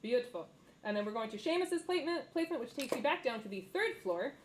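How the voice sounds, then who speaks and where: A young woman narrates as dungeon master, chatty and loose with plenty of fillers. Her voice sits fairly high, with a faint hiss behind it. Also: lively intonation, fast. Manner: casual, lots of fillers, laughs easily. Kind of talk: narrating a tabletop game.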